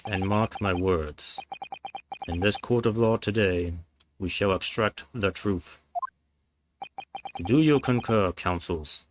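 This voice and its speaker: A man voicing a stern, imperious male judge who speaks slowly and gravely. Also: on the low side, background noise. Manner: slow, grave and commanding.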